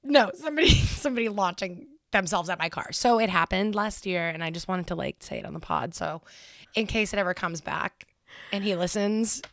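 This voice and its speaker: A woman in her twenties, a podcast co-host, telling a story in a casual, animated and heavily profane way. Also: lowish voice, moderate pace, no echo, clean studio sound.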